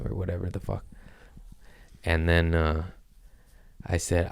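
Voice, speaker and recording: Man, low pitch, resonant, podcast host, casual profane storytelling. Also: a little slow, pauses often, a little mellow, no echo, clean studio sound. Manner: profane storytelling with acted-out quotes.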